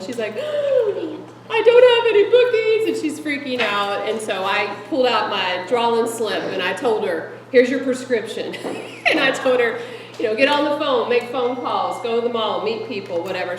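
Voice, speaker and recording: A woman's voice: mid-range voice, noisy background. Chatty lady laughing a lot while she presents, mic far off, roomy echo. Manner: chatty and animated, laughs often. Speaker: speaker sharing meeting ideas with fellow directors. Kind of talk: casual presentation to a group. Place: meeting room with an audience. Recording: echoey room from a distant mic, audience audible.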